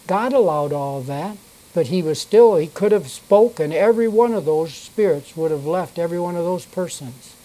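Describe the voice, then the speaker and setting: A Bible teacher reading scripture aloud and then explaining it, unhurried, stopping to check notes and correct themself. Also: medium pitch, lively intonation, dark tone, rough recording.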